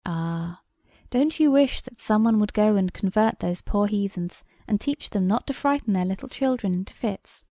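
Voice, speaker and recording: A woman reads a storybook aloud in a measured, wry manner. Her voice is gravelly and mellow, and the recording is dry and close. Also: medium pitch, expressive, no room sound. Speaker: audiobook reader. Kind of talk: storybook narration.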